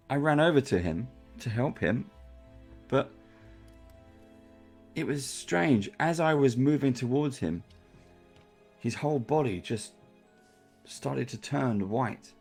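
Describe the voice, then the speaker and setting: A man voicing a frightened, tearful young woman witness in a tabletop game, speaking in halting, broken-off phrases. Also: medium pitch, a little mellow, voice pushed up.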